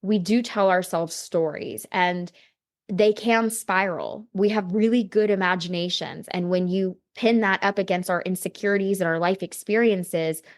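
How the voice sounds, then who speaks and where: Her voice is medium in pitch with fairly even intonation and normal speed. As a podcast interview guest, she reflects openly on a personal story, full of casual fillers like "you know" and "like."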